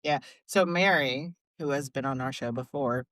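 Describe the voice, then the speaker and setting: A woman's voice: extremely low pitch, moderate pace, fairly bright tone, no room sound. Lady hosting a podcast, chatty and jokey, dry close mic. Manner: laughs often, playful and chatty. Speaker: podcast host. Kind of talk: casual podcast chat.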